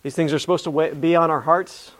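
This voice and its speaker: High-voiced preacher giving a sermon. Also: male voice, fairly even intonation, a little fast, a bit bright. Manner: earnest, reads scripture aloud with emphasis; repeats words and restarts mid-phrase.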